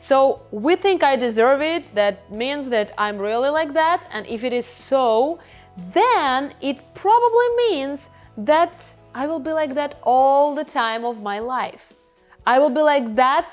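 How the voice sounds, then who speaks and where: A woman with a Ukrainian accent, a hypnotherapist explaining ideas to her viewers in an excited, emotional way, addressing them directly. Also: high-pitched. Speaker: hypnotherapist and channel host. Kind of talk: explanatory talk to camera.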